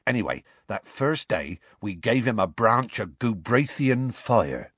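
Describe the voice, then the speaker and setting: A man voicing Hagrid, a big gruff half-giant who tells the story in rough, homely speech. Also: fairly low pitch, sing-song, fairly bright tone, dry recording, heavily acted. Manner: rough colloquial grammar, slow homely storytelling.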